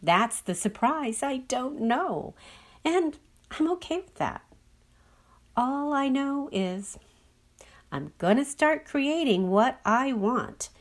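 A woman's voice: on the high side, big pitch swings, takes it slowly, pitched above the performer's own voice, heavily acted. A woman voicing a woman who looks back earnestly on how she has changed. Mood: reflective. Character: woman recalling calm personal growth.

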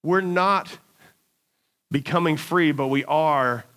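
A man preaching, telling a lively personal story as a sermon illustration and acting out his own cries. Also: a little high, slow pace, clean tone.

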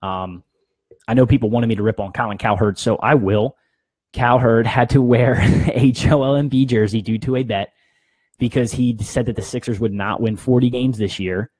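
A man's voice: mid-range voice, fairly even intonation, normal speed, a little mellow, husky, no room sound. A young man hosting a sports podcast, giving blunt, opinionated takes in casual talk and laughing at his own jokes.

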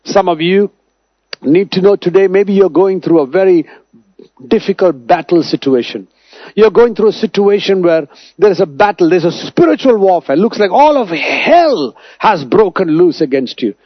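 A man preaching a sermon, declaring scripture over the listeners, swinging between loud emphatic lines and low hushed ones. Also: expressive, moderate pace, dry recording, highs cut off.

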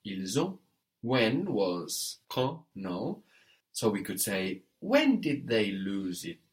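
A man's voice: lowish voice, very animated, slow. A man giving a one-on-one French lesson, patiently prompting and correcting step by step. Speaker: French teacher.

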